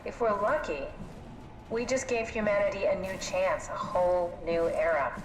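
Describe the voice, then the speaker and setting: A woman's voice: medium pitch, fairly even intonation, normal speed, close to an everyday voice. An actress voicing a wry, self-deprecating female AI guide in a video game, recorded with a roomy echo under gameplay noise. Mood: determined. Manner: dry, self-deprecating, matter-of-fact.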